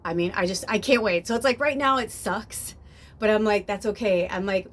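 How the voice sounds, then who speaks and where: A woman's voice: mid-range voice, normal speed. A woman in her fifties chatting casually to camera at home, rambling with lots of fillers and the odd swear word. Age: 50s. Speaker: spiritual medium and channel host.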